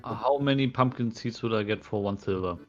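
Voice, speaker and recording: A man playing in a tabletop game, speaking plainly and deliberately. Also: fairly low pitch, darkish tone, soft background music. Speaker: player. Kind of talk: tabletop role-play. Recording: dull lo-fi mic.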